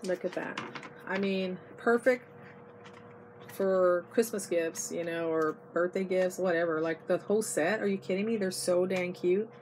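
A middle-aged woman records a chatty haul video inside an RV, gushing over her finds and calling her viewers "you guys." She is losing her voice. The iPod recording carries clear background noise. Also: fairly low pitch, measured pace, darkish tone. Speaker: vlogger. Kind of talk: casual haul video chat. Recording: noisy home video.

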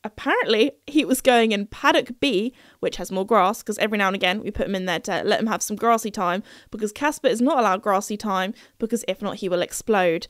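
A woman's voice: medium pitch, a little fast, hardly any pauses, no echo, studio quality. A young woman hosting a podcast, telling a story in a chatty, playful way and laughing at herself. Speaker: podcast host.

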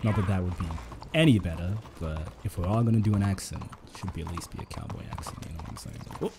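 A man's voice: deep voice, fast talker, background noise. A man streaming a video game, chatting and joking to himself and his viewers. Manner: chatty and jokey, talking to himself and to chat. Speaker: gaming streamer. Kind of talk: casual live-stream commentary.

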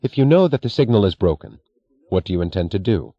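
A man's voice: on the low side, very animated, fast, dry recording, highs cut off. A man reading the part of a woman railroad executive in her thirties, speaking with cool, unstressed authority. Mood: commanding.

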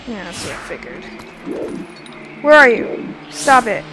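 High-pitched woman yelling over game music. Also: very animated, unhurried. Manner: screams, swears and pleads at enemies. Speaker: let's play gamer. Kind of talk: panicked gameplay commentary.

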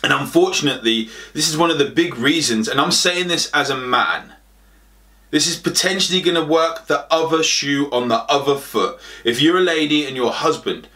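A man's voice: a little high, moderate pace, pushed and bright. A man, a health coach giving a motivational talk, emphatic and direct, hammering his points with repetition.

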